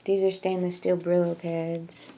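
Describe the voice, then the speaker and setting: A woman chats casually to the camera at an unhurried, drawn-out pace. She rambles and makes fun of herself with little jokes along the way. A faint background hiss sits under her voice. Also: on the low side, level tone. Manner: rambling and self-mocking, jokey. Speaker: vlogger. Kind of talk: casual chat.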